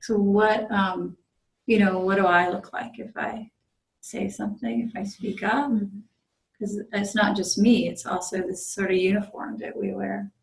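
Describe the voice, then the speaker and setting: A woman's voice: mid-range voice, fairly even intonation, measured pace, gravelly, poor audio. A woman who is a Zen priest, giving a conversational dharma talk as she tells a personal story, with many ums and restarts. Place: meditation group room.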